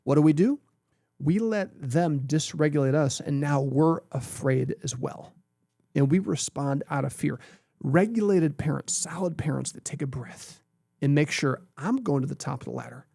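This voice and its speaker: A man's voice: fairly high pitch, moderate pace, gravelly, dark tone, dry recording, studio quality. A man co-hosting a podcast, talking earnestly and emphatically in a coaching tone.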